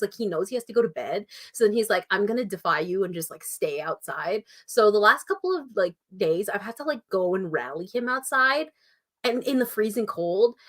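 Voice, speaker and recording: A woman's voice: on the high side, a bit bright. A woman in her twenties with a Canadian accent, chatting casually on a livestream, reading out chat messages and laughing often. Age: 20s. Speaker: writing channel host.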